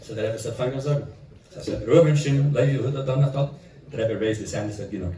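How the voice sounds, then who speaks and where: A middle-aged man from Italy, a rabbi, telling an animated story at a gathering and dropping in Yiddish and Italian phrases. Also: medium pitch, fast, slight background noise. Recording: roomy echo from far off.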